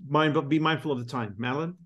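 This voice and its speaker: A man's voice: a little high, quick pace. Emphatic male business coach. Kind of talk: motivational call talk.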